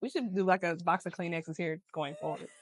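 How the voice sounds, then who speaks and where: Here a podcast co-host talks fairly quickly in a lowish voice, casually covering her work and life. She laughs often, drifts onto side topics, and the audio carries no room sound.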